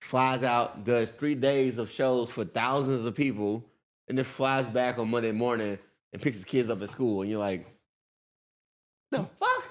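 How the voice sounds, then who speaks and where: A male comedian in casual podcast chat, laid-back, jumping into high-pitched impressions of people. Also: steady tone, moderate pace.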